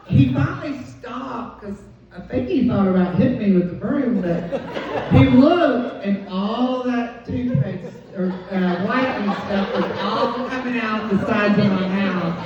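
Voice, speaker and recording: A woman comedian, telling a stand-up story in an animated way and acting out the quoted voices. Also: medium pitch, measured pace, some chatter behind. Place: comedy club stage. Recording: dull, distant, echoey club recording.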